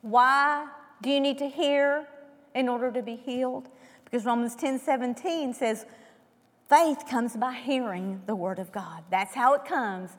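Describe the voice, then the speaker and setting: A woman with a high voice preaches a sermon, throwing rhetorical questions at her listeners. She swings between loud, emphatic lines and hushed, almost whispered ones, and her voice trails off into the long reverb of a church hall. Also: measured pace.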